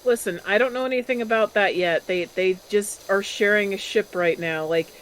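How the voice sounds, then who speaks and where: A woman's voice: mid-range voice, normal speed, fairly bright tone, slight background noise, low-quality recording. A woman chatting casually as a guest on a gaming stream, laid-back and a little hesitant. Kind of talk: casual chat while gaming.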